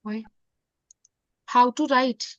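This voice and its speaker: A woman with an Indian accent teaching a French class, mixing in Hindi and repeating phrases slowly. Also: a little high, fairly bright tone, no echo. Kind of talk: online classroom lesson. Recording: dull, dry lo-fi sound.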